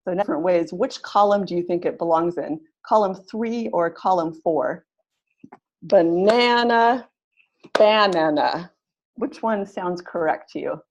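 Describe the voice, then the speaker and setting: A woman's voice: on the low side, moderate pace, hardly any pauses, darkish tone, muffled recording, slight background noise. A woman leading an online pronunciation webinar, encouraging and often repeating her phrases as she runs drills. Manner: encouraging, leads drills and clapping exercises. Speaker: webinar facilitator, pronunciation teacher.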